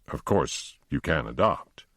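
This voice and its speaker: A man reading the lines of a blunt, measured doctor in an audiobook. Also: a bass voice, lively intonation, a bit bright, no room sound, studio quality, full character voice. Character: matter-of-fact male doctor.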